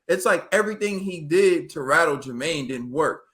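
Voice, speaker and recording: A man in casual sports talk, breaking down a boxing match in a loose, slangy manner. His voice sits a little higher than most men's. He throws in quick acted quotes as he goes. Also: expressive, a bit bright. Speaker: boxing show co-host.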